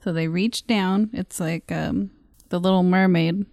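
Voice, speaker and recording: A woman's voice: on the low side, fairly even intonation, measured pace, gravelly, darkish tone, dry recording. A woman co-hosting a comedy podcast, riffing playfully in improvised banter into a close mic.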